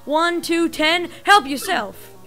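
Woman doing a gruff old mob boss. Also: extremely high pitch, slow, over music, voice pushed up, heavily acted. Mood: jovial. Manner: tough-guy drawl with dropped words.

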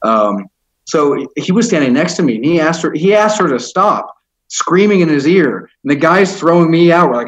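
A man's voice: on the high side, big pitch swings, normal speed, a bit bright, poor audio. A man as an interview guest, telling his story in a heated, rambling way, swearing often and stumbling over fillers. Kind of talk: casual storytelling.

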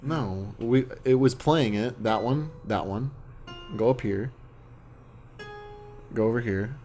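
A man's voice: mid-range voice, warm tone, soft background music. A young man co-hosting a let's play, chatting dryly and giving blunt directions. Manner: dry, unhurried, gives blunt directions. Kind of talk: casual gameplay commentary.

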